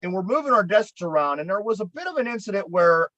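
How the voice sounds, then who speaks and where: On a podcast he co-hosts, a man with a Pittsburgh accent launches into a long, profanity-laced yarn, rambling and doubling back on his words. He sounds high, bright, and forceful, very animated and fast. There's no echo, though the audio is dull.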